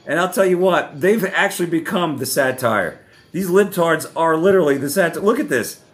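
A man's voice: a little high, lively intonation, normal speed, soft background music. A man hosting reaction commentary, ranting with heavy profanity and frequent laughter. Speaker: host.

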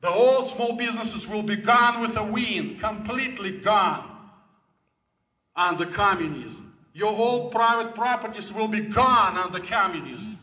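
A fervent man delivers a preaching speech in broken English. His voice is high and bright. The recording rings with a long hall echo. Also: a little slow. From former Soviet Union. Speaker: guest speaker. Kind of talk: impassioned speech.

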